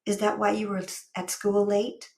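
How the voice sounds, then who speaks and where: A woman voicing a bright, playful young schoolgirl who loves big words, in an eager, teasing manner. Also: mid-range voice, flat delivery, normal speed, gravelly, lightly acted. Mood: chirpy, teasing.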